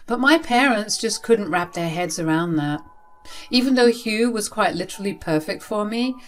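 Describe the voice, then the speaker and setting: A young woman tells her own story, emotive and heartfelt. Her voice runs a little low, with faint music playing behind. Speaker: narrator. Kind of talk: first-person story narration.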